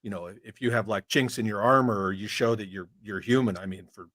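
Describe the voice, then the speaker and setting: A man's voice: fairly low pitch, steady tone, brisk, fairly bright tone, no room sound, studio quality. A man hosting a casual livestream chat, reading viewer messages aloud, frank and profane. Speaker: host.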